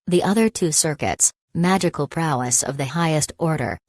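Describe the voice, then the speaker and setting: Woman narrator, deep voice, dry close sound, wry casual delivery of a fantasy audiobook. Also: moderate pace, darkish tone, no echo. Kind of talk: reading a fantasy novel aloud.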